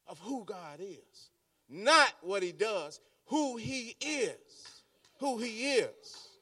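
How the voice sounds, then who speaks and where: A man's voice: high voice, sharp tone, dry recording, studio quality. A man preaching a sermon in a church, repeating his phrases for emphasis and calling out to the congregation, heard from a distance. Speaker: pastor.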